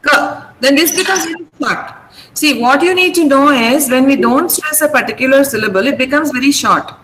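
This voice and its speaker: A woman's voice: sits high, normal speed, noisy background. A woman with an Indian English accent teaching an online vocabulary class, patiently drilling word stress. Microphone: video call.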